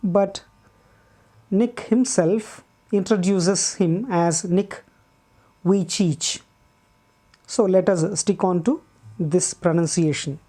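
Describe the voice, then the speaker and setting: Patient woman teacher, unhurried, low and mellow, repeats herself for clarity. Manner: patient and deliberate, repeats key words, frequent "uh" pauses. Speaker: English teacher. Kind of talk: slow classroom explanation.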